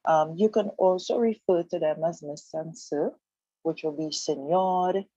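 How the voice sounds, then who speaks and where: A woman's voice: sits low, warm tone, dry recording, highs cut off. Patient woman teaching on the radio. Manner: patient, explanatory, repeats words slowly. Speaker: Spanish teacher. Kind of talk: radio language lesson.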